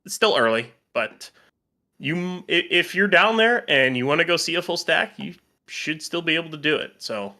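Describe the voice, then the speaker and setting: A man with a bright, clear tone co-hosts a casual livestream. He talks in a relaxed, rambling way, padding his updates with fillers. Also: on the high side, moderate pace. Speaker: co-host.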